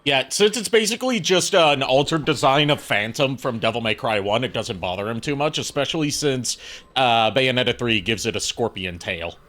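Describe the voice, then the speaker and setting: A man hosting a game stream, casually talking through his play with jokes and filler pauses. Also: medium pitch, lively intonation, a bit bright. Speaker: streamer host. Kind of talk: casual gameplay commentary.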